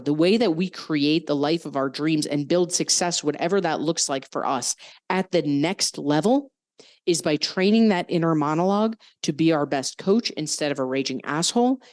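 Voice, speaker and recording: A woman's voice: sits low, normal speed, a little mellow. A young adult woman hosting a coaching podcast, talking frankly and swearing casually as she explains mindset exercises. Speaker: podcast host and fitness coach.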